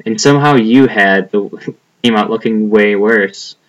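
A man's voice: on the low side, a little slow, muffled recording. Rambling young man, casual profane chat. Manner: rambling, profane, trailing off with lots of "like".

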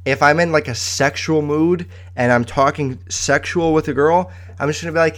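A man's voice: on the high side, steady tone, normal speed, hardly any pauses. Rambling, profane man hosting a podcast. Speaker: podcast host. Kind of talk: casual podcast chat.

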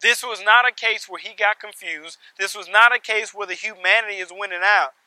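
A man preaching a sermon with emphasis, piling up repeated phrases and swinging between loud stresses and hushed lines. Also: high voice, fairly quick, dry recording, low-quality recording.

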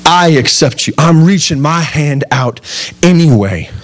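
A man preaching a sermon, voicing a gentle, accepting male teacher who speaks slowly and reassuringly. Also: fairly high pitch, lively intonation, faint music behind. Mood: tender. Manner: slow, tender, reassuring.

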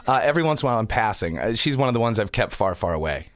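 A man guesting on a podcast, trading deadpan, self-mocking jokes in casual banter. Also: on the low side, racing, no room sound, studio quality. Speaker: comedian guest. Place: podcast studio.

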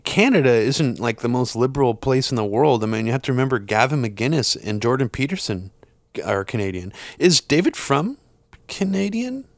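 A man's voice: mid-range voice, lively intonation, normal speed, no echo. Blunt man on a dry mic. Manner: blunt, rambling with restarts and swearing. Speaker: podcast co-host. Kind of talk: casual political chat.

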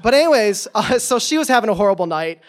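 Fast, high-voiced young man telling a story. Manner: animated, goofy, chatty with frequent fillers. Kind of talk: live personal storytelling.

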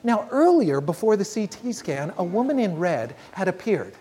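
A woman preaching a sermon, telling a story in an earnest, measured way and slowing down on key phrases. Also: mid-range voice, big pitch swings, dark tone, breathy edge.

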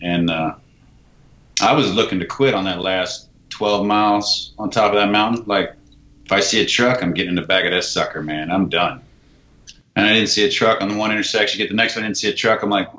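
Low-voiced bright man, roomy lo-fi sound. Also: brisk. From United States. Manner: animated, acts out dialogue, swears casually. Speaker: guest, army veteran. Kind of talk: casual storytelling.

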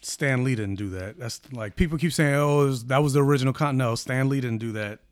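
A man's voice: mid-range voice, fairly quick, no echo. Dry-voiced male podcast co-host. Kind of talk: casual podcast chat.

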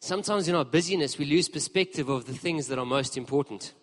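Casual preacher guy, a bit high-pitched, chatty storytelling sermon, big echoey church. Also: fast. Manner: storytelling, lively and conversational with the congregation. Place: church hall. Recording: long reverb of a large hall.

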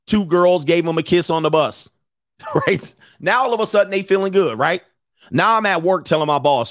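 A man with a slightly high speaking voice rants on a livestream as a life coach. He is blunt and profane, hammers his points home with repeated phrases, and laughs between them. The sound is dry and close, with no room echo. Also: lively intonation, normal speed, fairly bright tone. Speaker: life coach hosting a live stream. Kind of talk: casual livestream rant answering super chats.

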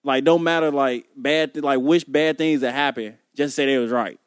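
A man co-hosting a podcast in casual chat, animated and profane, laughing often. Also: medium pitch, normal speed, clean tone, dry recording, studio quality. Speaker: podcast co-host.

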